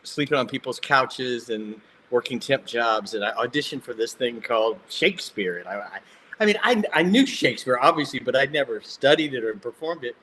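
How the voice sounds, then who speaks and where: An older man from Mississippi spins funny, self-mocking anecdotes as a podcast guest. His voice sits at an ordinary middle pitch, and his delivery is casual and animated. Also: fairly quick, a little hiss or hum. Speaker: guest actor. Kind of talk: casual storytelling.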